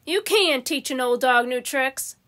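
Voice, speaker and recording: Storybook: woman reading folksy wife, exclaiming, high bright voice. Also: expressive, measured pace. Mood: amused. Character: middle-aged wife, fond and folksy.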